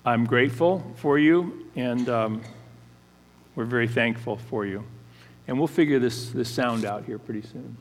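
A man pastor giving a conversational sermon, halting with fillers and restarts. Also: mid-range voice, big-room sound, a little hiss or hum.

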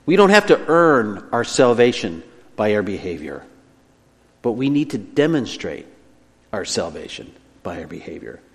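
A man preaching a sermon, emphatic and lively, dropping soft and slow on key phrases. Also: lowish voice. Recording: long hall reverb.

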